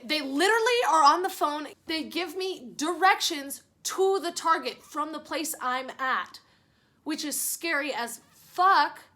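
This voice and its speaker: Young woman, under twenty-one, from Missouri, high voice, casual storytime vlog, candid, swears freely. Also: animated, a little slow, sharp tone. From Springfield, Missouri. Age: young adult, under twenty-one. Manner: chatty and candid, swears freely, self-mocking. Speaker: vlogger.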